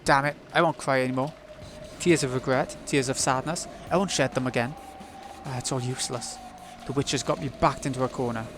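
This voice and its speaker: A man's voice: mid-range voice, fairly even intonation, brisk, background noise, lightly acted. A man reading a visual novel aloud, voicing a grieving, hot-headed young man who makes bitter, defiant outbursts.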